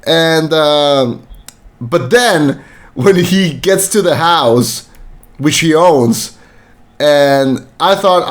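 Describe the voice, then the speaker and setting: A man's voice: fairly high pitch, extremely slow. A man co-hosting a casual film review podcast, rambling with many fillers and restarts and acting out quoted lines. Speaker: podcast co-host.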